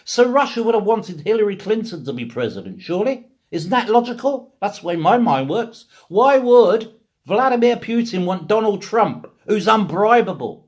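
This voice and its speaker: A man's voice: high-pitched, sing-song, normal speed. A man from England ranting in a casual monologue, full of rhetorical questions and repeated phrases. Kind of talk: casual political rant.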